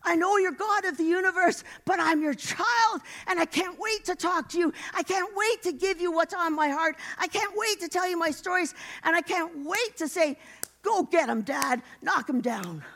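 A middle-aged woman preaching a sermon, animated and exhorting her congregation. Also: very high-pitched, normal speed, hardly any pauses.

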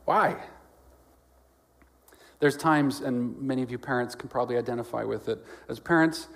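A gravelly, fast-talking pastor gives a sermon that swings between loud exclamations and soft, lowered lines. Quoted voices get acted out, with jokes mixed in.

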